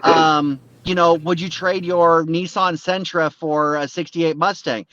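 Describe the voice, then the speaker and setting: Podcast co-host, man, slightly high voice, rambling casual delivery, dull lo-fi sound. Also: fairly even intonation, a little slow, pushed and bright. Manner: rambling, lots of fillers and restarts. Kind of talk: casual chat.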